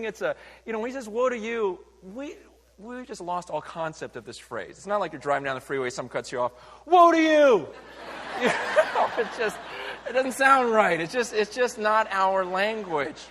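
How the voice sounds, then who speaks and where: A man preaching a sermon as a pastor, emphatic and animated, acting out voices to make his point. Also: high voice, a little fast. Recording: reverberant hall sound.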